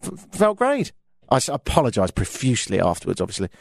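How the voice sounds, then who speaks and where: A man's voice: mid-range voice, wildly swooping pitch, fast, vocal fry, a little mellow, slightly rough, no room sound. A man from Britain hosting a radio show, telling a self-mocking comic story from his studio microphone.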